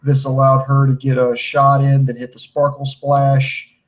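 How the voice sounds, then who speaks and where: A man's voice: mid-range voice, completely flat delivery, unhurried, low-quality recording. A man co-hosting a podcast, recapping a wrestling show with lots of fillers and crude jokes. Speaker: podcast co-host.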